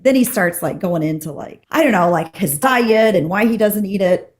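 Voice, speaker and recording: Woman podcast host, mid pitch, chatty and animated, plays out the dialogue. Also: moderate pace. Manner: animated, acts out dialogue in her story. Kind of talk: casual storytelling chat.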